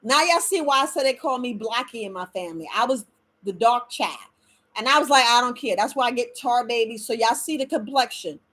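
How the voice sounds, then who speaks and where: This middle-aged herbalist talks to her live-stream audience from home in a loose, animated, somewhat preachy way, addressing them as family. Her pitch is on the high side and her pace a little fast.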